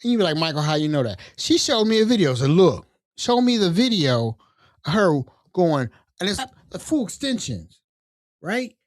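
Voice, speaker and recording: Male host, animated storyteller, swings his pitch widely, dry booth sound. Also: moderate pace, no room sound. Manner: animated, acts out quoted voices. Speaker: podcast host. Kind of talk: casual storytelling.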